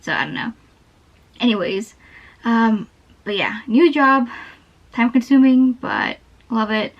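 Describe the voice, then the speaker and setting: A woman's voice: fairly high pitch, expressive, takes it slowly. A young woman chatting casually while she draws, meandering and interrupting herself often. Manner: meandering, self-interrupting, giggly. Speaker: art channel host. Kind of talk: rambling chat over a drawing. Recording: dull lo-fi sound.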